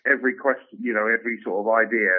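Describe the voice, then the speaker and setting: A man, a comedian telling stories in a rambling, animated way and acting out the voices of others. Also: fairly low pitch, quick pace, husky. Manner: rambling, animated storytelling with acted-out quotes. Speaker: comedian guest. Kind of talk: casual interview chat. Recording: tinny phone-like sound.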